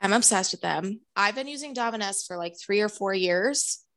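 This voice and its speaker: A woman's voice: medium pitch, lively intonation, moderate pace, a bit bright. Chatty upbeat woman interviewer. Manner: chatty, upbeat, uses "like" often. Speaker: interviewer, hairstylist. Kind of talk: casual interview chat.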